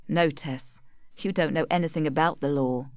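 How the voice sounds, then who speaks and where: Stern young husband, formal and earnest, read by a woman, higher pitched than her narration, dry studio sound. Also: steady tone, normal speed, no room sound.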